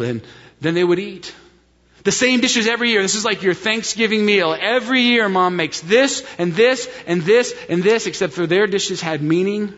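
A man's voice: sits high, animated, normal speed, a bit bright. Preaching man in a reverberant hall. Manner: expository preaching, emphatic repetition. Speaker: pastor. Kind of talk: sermon. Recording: dull sound with long hall reverb.

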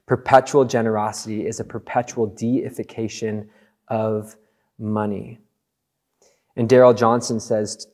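A man preaching a sermon in an earnest, conversational way, slowing down for emphatic phrases. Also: mid-range voice, a little mellow. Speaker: pastor.

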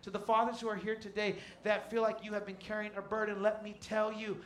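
In a large tent before a congregation, a pastor in his thirties preaches in a folksy, emotional style full of repeated refrains. His voice is high and monotone and fairly quick, captured in an echoey space with slight background noise.

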